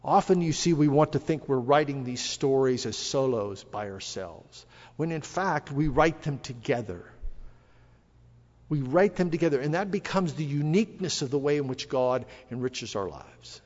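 A man's voice: medium pitch, expressive, moderate pace, a little mellow. A middle-aged man preaching a sermon, speaking earnestly and rising with emphasis when he quotes scripture. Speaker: pastor. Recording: dull lo-fi audio with long hall reverb.

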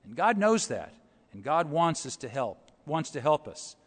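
A male pastor preaching a storytelling sermon, dropping to quiet asides and rising to loud, emphatic points. His voice sits a little high and rings with a long church reverb. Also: big pitch swings, unhurried. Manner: storytelling, swings between soft and loud.

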